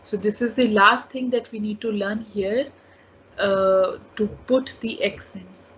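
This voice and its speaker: A woman's voice: mid-range voice, steady tone, a little slow, a bit bright. A woman teaching a French lesson, patiently repeating each word and sound several times. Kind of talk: slow spoken language lesson. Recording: dull lo-fi audio with faint ambient noise.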